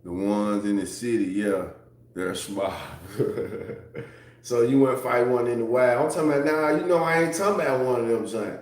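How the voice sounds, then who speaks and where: A man talks loosely to his livestream audience in a heavily echoing room, swearing freely and often breaking into laughter. His voice sits at an ordinary pitch for a man, and the talk wanders between stories and reading chat. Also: moderate pace. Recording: very echoey room.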